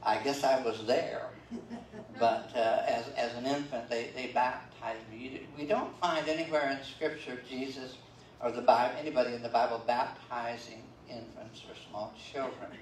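A man's voice: mid-range voice, fairly even intonation, normal speed, slight background noise. An older man preaching a sermon as pastor, talking conversationally with many fillers and "okay?" check-ins. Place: church sanctuary. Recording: roomy, distant church livestream.

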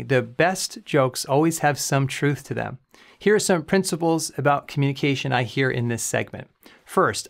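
A man, a communication coach, giving calm, clear educational commentary on a comedy clip. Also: a little high.

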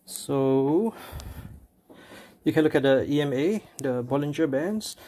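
A man's voice: on the high side, animated, takes it slowly, dark tone. Man musing aloud, slightly out of breath. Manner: thinking aloud, hesitant with fillers. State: panting while working out. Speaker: crypto vlogger. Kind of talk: casual screen walkthrough. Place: gym.

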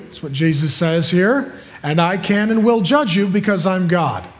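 A man in his thirties preaching a sermon as pastor, emphatic and building to loud, forceful peaks. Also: high voice.

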